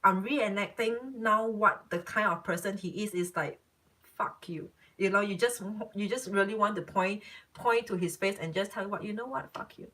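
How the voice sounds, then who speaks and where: A woman giving a live psychic reading in a blunt, emphatic way. She circles back and repeats herself to drive each point home. Her pitch sits in the middle range. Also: moderate pace, hardly any pauses, pushed and bright, rough recording. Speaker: psychic reader. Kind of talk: live-stream reading, casual chat.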